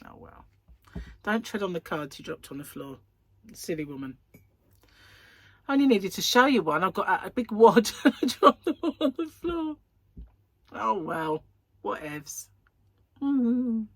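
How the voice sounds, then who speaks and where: A chatty woman rambles through her news, her voice swinging high and low as she acts out little exchanges. There's a husky edge to her tone, and the recording is dry and close. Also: big pitch swings, measured pace, long pauses, no room sound. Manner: chatty, rambling, laughs often, acts out dialogue. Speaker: host of a crochet chat channel. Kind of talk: casual chat.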